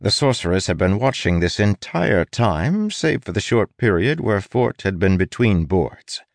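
Wry, expressive male audiobook narrator. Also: fairly low pitch, measured pace, vocal fry, dry recording.

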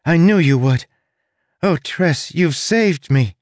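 A man's voice: a little high, animated, slow, no room sound, studio quality, voice pushed up. A man voicing an eager grateful young man. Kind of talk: audiobook character voice.

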